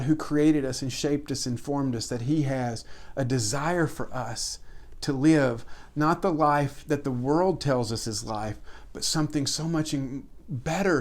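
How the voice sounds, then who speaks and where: A pastor preaching a sermon with earnest, emphatic repetition, rising for stress and dropping to hushed tones. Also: male voice, fairly high pitch, measured pace.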